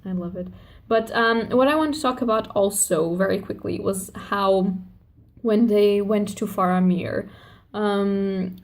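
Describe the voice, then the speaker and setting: A woman's voice: mid-range voice, mellow. A woman talking casually in a spoiler book review vlog, gushing and emotional, and often restarting her sentences. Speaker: book vlogger.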